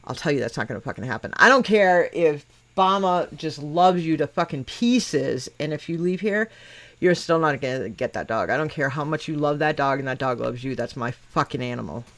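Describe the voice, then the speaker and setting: A woman's voice: low-pitched, lively intonation, moderate pace. A middle-aged woman hosting a casual chat. She talks bluntly, swears constantly and teases the people she is talking with. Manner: profane, blunt and teasing. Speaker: podcast host.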